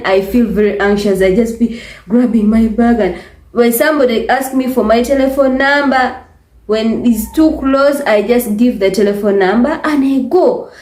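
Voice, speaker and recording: A woman's voice: on the high side, darkish tone. Emphatic Ugandan woman in echoey room. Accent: Ugandan English. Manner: emphatic, repetitive, exasperated. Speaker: vlogger. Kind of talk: casual talk to camera.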